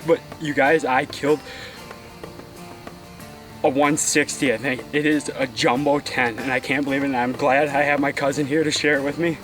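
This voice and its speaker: A man bowhunting, talking to the camera in the field, worked up and shaky with excitement. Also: on the high side, recorded from a distance. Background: music.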